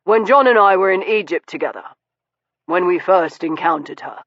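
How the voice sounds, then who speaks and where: A man's voice: sits high, moderate pace, a bit bright, no room sound. An actor voicing a laconic, brooding Victorian naturalist man in an audiobook, dry in manner and turning wistful. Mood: reflective. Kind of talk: audiobook character dialogue. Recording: dull, muffled studio recording.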